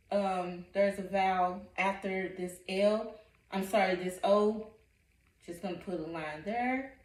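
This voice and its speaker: A woman working as a reading coach, giving a phonics lesson in a patient manner and repeating each word syllable by syllable. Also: mid-range voice. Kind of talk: phonics lesson, sounding out words. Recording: echoey room, voice from a distance.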